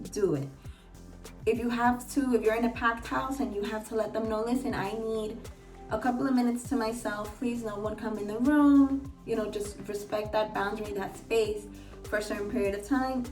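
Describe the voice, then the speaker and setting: A woman life coach talking earnestly and gently about her own experience, coaching her viewers. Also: a little high. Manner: earnest, gentle, coaching tone with repeated urging phrases. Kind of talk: personal reflective vlog talk. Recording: echoey room, voice a bit far from mic, faint music.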